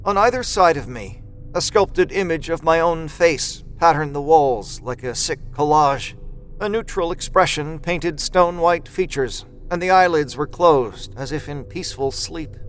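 A man narrating a horror story in a measured, dramatic storytelling manner. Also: a little high, a bit bright, a little hiss or hum, poor audio. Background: music score.

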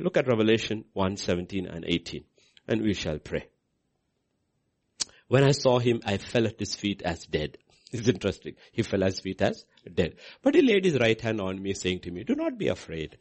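A man preaching a sermon as pastor, swinging between hushed lines and loud, high outbursts. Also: gravelly, breathy edge.

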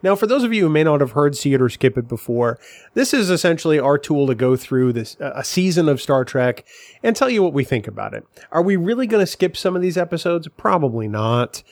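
A man with a fairly high voice co-hosts a casual podcast, trading jokes and teasing banter. The sound is dry and close, with no room in it. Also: very animated, fairly quick, darkish tone, no room sound. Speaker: podcast co-host.

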